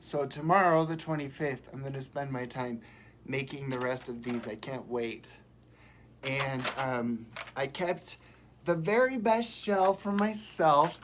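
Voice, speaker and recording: A man chatting and rambling warmly on a live stream from home while sick, showing gifts and telling stories. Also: mid-range voice, measured pace, a little hiss or hum. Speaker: vlogger. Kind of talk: casual live-stream chat.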